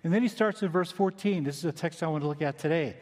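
A male pastor with a slightly higher voice delivers a sermon in an easy, conversational way, often sinking to a quiet, intent hush to drive a point home. His voice carries a long reverb tail, as if from a large church hall. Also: fast talker. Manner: conversational, dynamic preaching with quiet emphatic drops. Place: church sanctuary.

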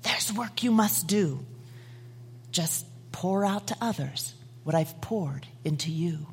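Kind master potter, soft and low, a woman reciting; breathy, dips into whisper. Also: animated, unhurried, in a large hall, exaggerated voice. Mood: gentle.

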